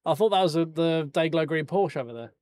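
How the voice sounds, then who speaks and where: Joking man, fairly high voice. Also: lively intonation, brisk, a little mellow, no room sound, studio quality. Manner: joking, sweary banter with viewers. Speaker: sim racing streamer. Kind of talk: casual live-stream chat while reviewing race replays.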